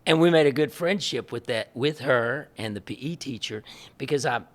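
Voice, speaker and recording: A man, a missionary guest telling lively stories in an interview and acting out the dialogue, often laughing. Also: medium pitch, normal speed. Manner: animated, laughing storyteller who acts out quoted dialogue. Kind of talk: storytelling in a podcast interview.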